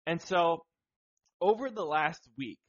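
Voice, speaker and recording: Excitable laughing man, lo-fi. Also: a little high, takes it slowly. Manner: excitable, swears, laughs a lot. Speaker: podcast co-host. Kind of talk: casual chat. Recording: dull lo-fi sound.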